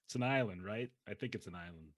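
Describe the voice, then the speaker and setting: A man's voice: fairly low pitch, quick pace. A man player at a tabletop game, laid-back and joking.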